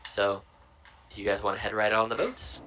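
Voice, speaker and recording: A man narrating as dungeon master in a relaxed, rambling way. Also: lowish voice, moderate pace, a little hiss or hum, low-quality recording. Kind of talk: narrating a tabletop game.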